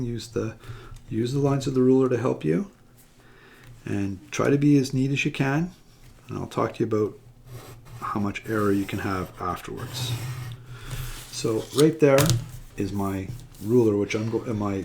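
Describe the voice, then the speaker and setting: Low gravelly man teaching step by step. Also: a little hiss or hum. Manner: relaxed, talks step by step while drawing. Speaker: math teacher. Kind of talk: classroom demonstration lesson.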